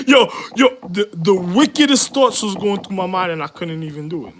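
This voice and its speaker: A man in a rambling, profane monologue, full of street slang, jumping between loud laughing outbursts and low mutters. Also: animated, takes it slowly, slight background noise.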